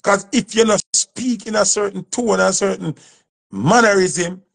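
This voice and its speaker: Speaking at a measured pace, this dancehall artist from Jamaica has a high, gravelly, somewhat bright voice. Addressing the camera with passion, he preaches emphatically and goes over his points again and again.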